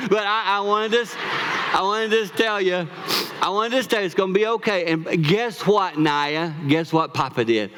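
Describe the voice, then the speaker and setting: A man in his fifties preaching in church, animated as he tells personal stories, often repeating words and laughing. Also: high-pitched, moderate pace, clean tone. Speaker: pastor.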